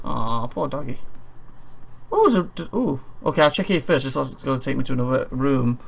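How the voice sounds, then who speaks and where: A tired, yawning let's play host reads a game's text aloud, rambling between passages and dropping chuckling asides. His voice is medium in pitch, animated and fairly quick, with vocal fry and a slightly bright quality.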